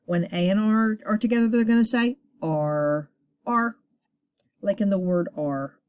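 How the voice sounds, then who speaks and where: A woman teacher leading a children's reading lesson, encouraging her class and sounding words out slowly at a board. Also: medium pitch, darkish tone, clean tone, no room sound.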